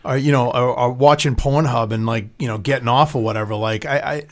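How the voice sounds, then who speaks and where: A man's voice: mid-range voice, steady tone, a little fast. A man chatting casually and telling a crude, profanity-filled story. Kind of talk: casual chat.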